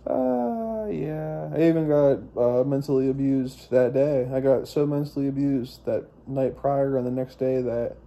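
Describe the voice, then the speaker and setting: A young man with a very dark, mellow voice rambles through a personal story. He swears freely and keeps restarting his sentences as he talks. His pitch sits in a middling range for a man. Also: measured pace, vocal fry, few pauses, highs cut off. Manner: profane, meandering, frequent restarts and fillers. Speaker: vlogger.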